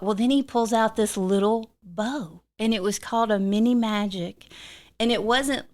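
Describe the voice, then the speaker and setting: A woman's voice: mid-range voice, moderate pace. Chatty Southern American woman. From Mississippi, USA. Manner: chatty storyteller, lively and laughing. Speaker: podcast guest. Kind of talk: casual conversation.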